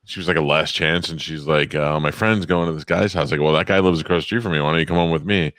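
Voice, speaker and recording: A man's voice: a bass voice, steady tone, a bit bright, no room sound. A middle-aged man, a co-host swapping crude stories in casual chat. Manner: fast, crude storytelling.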